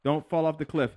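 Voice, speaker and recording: A young man giving excitable, slangy commentary while he plays a game, yelping and talking to his creature. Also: medium pitch, dry recording. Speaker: gaming YouTuber. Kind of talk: live gameplay commentary. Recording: faint game music behind.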